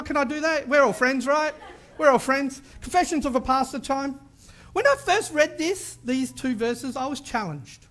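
A man's voice: very high voice, fairly bright tone. A male pastor gives a conversational sermon and keeps checking in with his listeners.

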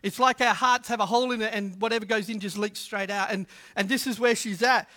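A man preaching a sermon in a humorous, conversational way, swinging from loud to hushed. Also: high-pitched, fairly even intonation, brisk. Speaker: pastor.

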